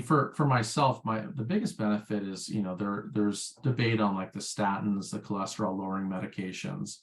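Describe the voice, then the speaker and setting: A man, a former sales rep chatting as an interview guest in a rambling, filler-heavy way. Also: on the low side. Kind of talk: casual interview chat.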